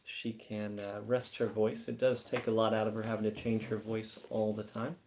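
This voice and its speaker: A man co-hosting a story night, speaking in relaxed, plain casual chat. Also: lowish voice, normal speed, slight background noise. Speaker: co-host.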